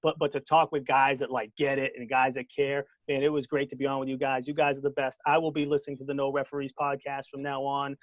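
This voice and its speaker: A man with a Boston accent, a former basketball coach, talking as a guest in a casual podcast chat, animated and laughing often, stumbling over repeated words. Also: mid-range voice, fast talker, hardly any pauses, no echo. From Boston area.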